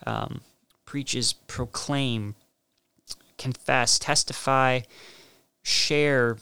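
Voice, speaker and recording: A man giving an informal Bible teaching, reading scripture aloud and talking in a halting way, restarting and repeating words for emphasis. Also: medium pitch, steady tone, bright, forceful tone, clear, resonant tone, no room sound. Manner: reads scripture passages aloud.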